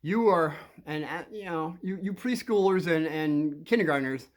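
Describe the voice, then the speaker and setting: A man giving rambling advice to children about bullies, acting out scenes and bursting into loud quoted lines. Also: on the high side, normal speed.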